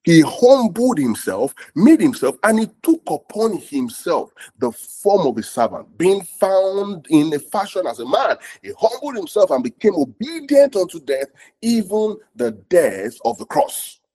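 A man's voice: sits high, sing-song, a little slow, warm tone, husky. A man preaching a sermon as pastor, repeating phrases and asking the congregation if they are together. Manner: repetitive call-and-response, asks "are we together?".

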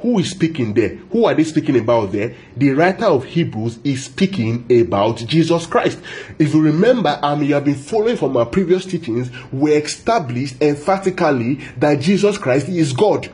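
A man preaching a Bible sermon, repeating phrases for emphasis, asking the listeners questions and stretching key words out slowly. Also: a little high, expressive, darkish tone.

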